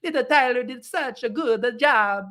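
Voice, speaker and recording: A man putting on a cartoonish, over-caffeinated Italian office boss with a broad fake Italian accent, gushing in drawn-out, sing-song praise. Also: very high-pitched, pushed and bright, pitched above the performer's own voice, exaggerated voice. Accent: put-on Italian.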